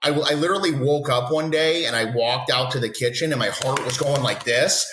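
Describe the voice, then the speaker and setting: A man telling wild stories in casual podcast chat, profane, rambling and animated, from Texas. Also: mid-range voice, brisk, slight background noise. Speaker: podcast guest. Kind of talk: casual storytelling. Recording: roomy echo.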